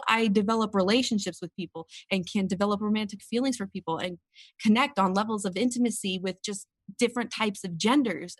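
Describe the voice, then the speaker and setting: A woman with a medium-pitched voice, recorded with no room sound, appears as a podcast guest in a candid interview. She speaks earnestly and openly about her personal experiences and is tearful at times.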